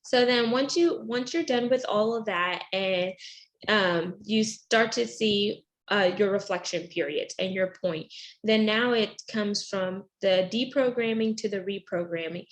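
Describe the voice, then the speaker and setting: A woman life coach, a podcast guest, explaining mindset exercises in a motivational, affirming way. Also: medium pitch.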